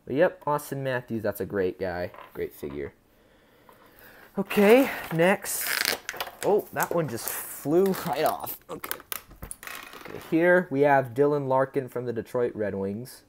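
A man's voice: medium pitch, sing-song, a little slow, slight background noise. Chatty young man unboxing collectibles. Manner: rambling, stumbles over player names; chatty and upbeat, talking to viewers. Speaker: unboxing channel host. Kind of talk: casual unboxing chat.

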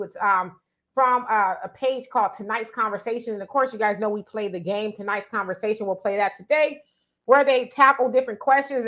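A woman hosting a talk show about relationships, chatting in a lively, emphatic way. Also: a little high. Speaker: show host. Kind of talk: casual talk show chat.

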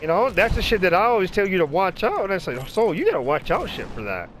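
A man telling profane, animated stories in casual chat while playing a video game. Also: sits high, quick pace, faint music behind. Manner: profane, animated storytelling, acts out other people's voices. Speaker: gamer chatting while playing. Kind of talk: casual chat over gameplay.

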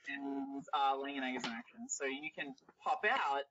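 A man explaining the rules of a board game in animated, laughing casual talk. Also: mid-range voice, moderate pace, no room sound. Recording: dull, muffled sound.

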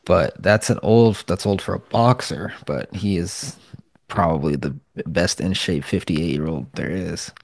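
Deep gravelly guy, swearing bluntly. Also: a little slow, dry recording, clean studio sound. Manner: swears a lot, blunt and rambling. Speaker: podcast co-host. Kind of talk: casual chat.

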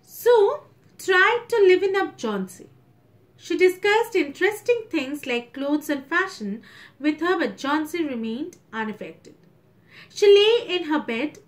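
Brief: Indian English woman teacher, very high and lively voice, slow and deliberate, explains the story line by line. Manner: retells each passage in simpler words.

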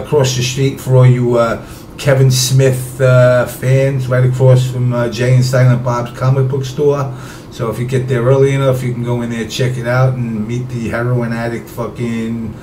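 A man's voice: medium pitch, little pitch movement, a little slow. A man runs a casual online talk show, drifting from topic to topic and dropping swear words without a second thought. His voice carries a roomy echo, and a constant background noise hums beneath it. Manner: profane, rambling, offhand. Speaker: show host.

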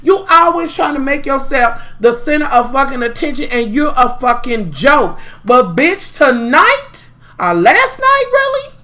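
High, bright-voiced sassy woman ranting. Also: very animated, measured pace. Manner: profane, sassy, heavy swearing; dramatic, mocking. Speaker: vlogger recapping a reality show. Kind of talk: casual gossip rant.

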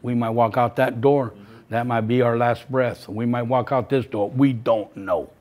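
A man in his seventies giving personal testimony as a grieving father, speaking in halting, emotional bursts and repeating phrases. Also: medium pitch, fairly even intonation, a little mellow. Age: 70s.

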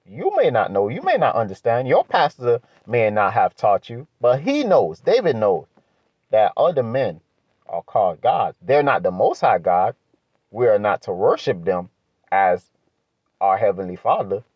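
A man teaching from the Bible in a preaching style, asking rhetorical questions and building to emphatic high-pitched points. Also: wildly swooping pitch, unhurried, slightly rough, no room sound, muffled recording. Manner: emphatic, rises sharply in pitch when pressing a point; asks rhetorical questions, adds "right?".

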